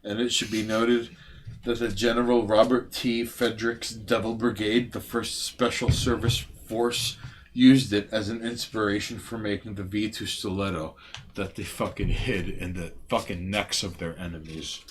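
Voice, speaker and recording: A man's voice: fairly low pitch, level tone, moderate pace. Male stream co-host, profane, reads facts aloud, faint background hiss. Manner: profane, reading facts aloud with loud outbursts. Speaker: podcast co-host. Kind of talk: casual late-night stream chat.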